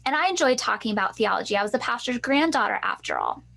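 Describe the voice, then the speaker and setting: A woman with a fairly high voice co-hosts an empowerment masterclass. She tells her own story earnestly and with lively energy, speaking straight to her listeners. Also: quick pace, creaky. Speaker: empowerment coach, co-host.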